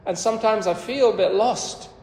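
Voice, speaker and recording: A man's voice: high-pitched, moderate pace, darkish tone. A man preaching a sermon in an earnest, conversational way, quoting scripture with rising emphasis. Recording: echoey hall, long reverb.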